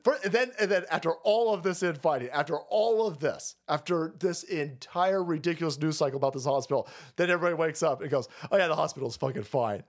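A foul-mouthed man hosting a stream, mocking and ranting loudly as he stumbles over his words. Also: on the high side, fairly quick, hardly any pauses. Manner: loud, mocking, foul-mouthed, restarts a lot. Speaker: streamer host. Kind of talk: profane political rant.

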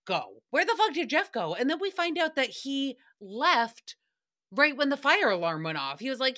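Chatty woman podcast host, bright and high, loose rambling recap with swearing. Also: big pitch swings, unhurried. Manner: chatty, tangent-prone, profane. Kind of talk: casual recap chat.

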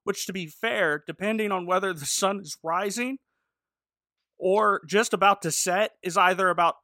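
A man's voice: sits high, normal speed, pushed and bright, no echo, clean studio sound. A man co-hosting a podcast, recapping a TV episode in a sarcastic, jokey way. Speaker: podcast co-host. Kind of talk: casual chat recapping a TV episode.

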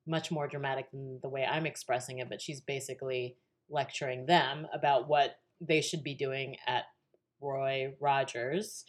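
Low-voiced woman telling a story, laughing. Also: moderate pace. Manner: lively, laughing, many fillers and restarts. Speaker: podcast guest. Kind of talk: casual storytelling in an interview.

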